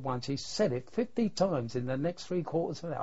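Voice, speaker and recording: Fairly high and mellow, the old soldier's voice moves briskly with lively intonation and almost no pauses as he recounts wartime memories. His telling is plain-spoken and earthy, salted with mild swearing, captured in a dull lo-fi oral history recording.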